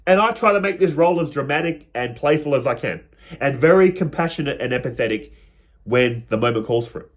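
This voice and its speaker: A man's voice: medium pitch, animated, a little fast. A man hosting a spiritual video, talking in a casual, earnest way and stretching out lists of words. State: out of breath. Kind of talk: casual spiritual talk to camera.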